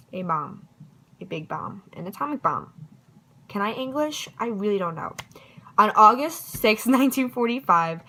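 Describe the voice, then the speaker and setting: A woman's voice: medium pitch, sharp tone, poor audio. A young woman giving a casual history review, chatty and self-deprecating, now and then tripping over her words.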